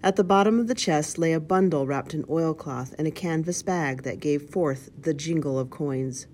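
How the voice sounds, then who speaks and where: Woman reading a children's storybook aloud, low voice, steady, small slips. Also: moderate pace, slight background noise. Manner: steady, with occasional slips and restarts. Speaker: reader.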